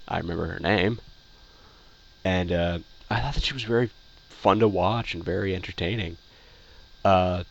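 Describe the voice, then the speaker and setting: A man's voice: sits low, dull audio. A man casually giving a rambling opinion review, full of fillers, restarts and repeated phrases. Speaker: video reviewer.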